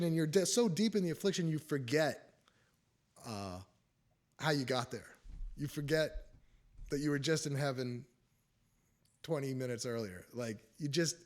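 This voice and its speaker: A man's voice: on the high side, lively intonation, normal speed. A man hosting a casual spiritual talk, rambling through his testimony and chuckling often. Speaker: host of a spiritual talk show.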